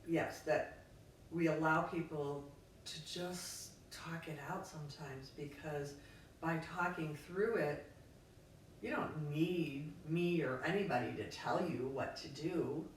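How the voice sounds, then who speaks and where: A woman's voice: low voice, slow. A woman co-hosting a casual talk, thinking aloud in a reflective way with lots of fillers. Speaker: podcast co-host. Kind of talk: casual conversation. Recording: echoey room from far off, faint noise.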